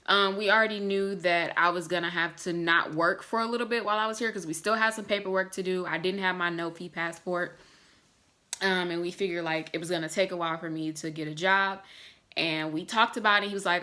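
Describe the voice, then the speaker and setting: A woman in her twenties chatting casually to her viewers in a vlog, relaxed and candid, with lots of "like" and "um" fillers. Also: fairly low pitch, a little fast. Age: 20s. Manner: warm and candid, talking straight to viewers. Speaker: vlogger.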